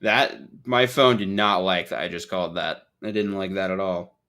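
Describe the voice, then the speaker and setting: A man's voice: deep voice, normal speed, sharp tone, smooth. A man hosting a podcast in casual chat, joking and swearing freely while mocking himself. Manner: joking, profane, self-mocking. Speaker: podcast host.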